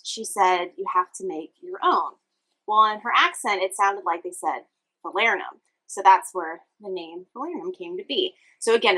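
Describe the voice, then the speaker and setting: Chatty and upbeat, a young Louisiana woman talks to her viewer while making cocktails on a laid-back show, apparently in a home kitchen. Her voice is clear, bright and a little high, and the audio is poor.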